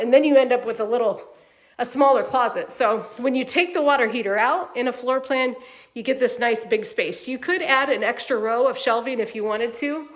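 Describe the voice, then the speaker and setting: Weary after a long day, a woman hosting a home sales tour still keeps things chatty and upbeat as she talks directly to viewers inside a manufactured home. Her voice has a fairly high pitch and a fairly bright tone.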